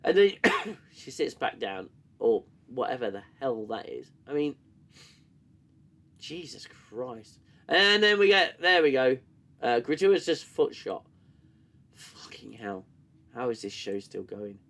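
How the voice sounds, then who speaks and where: This TV-show reviewer on a live stream has a mid-range, fairly bright voice and is very animated, yet he takes his time. His casual commentary is sarcastic and full of swearing as he mocks scenes and reads chat aloud, broken up now and then by bouts of coughing.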